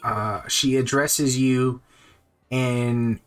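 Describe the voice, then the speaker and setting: A man running a tabletop game as game master, narrating scenes in slow, descriptive, pausing speech. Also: medium pitch, fairly even intonation, clear, resonant tone, soft background music. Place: home streaming setup.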